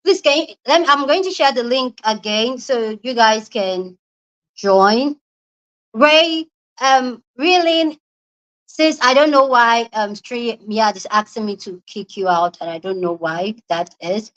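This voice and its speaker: Streaming casually from her room at home, a woman speaks unhurriedly in a fairly high voice. She's excitable, squealing and shouting when something thrills her, and the recording sounds muffled.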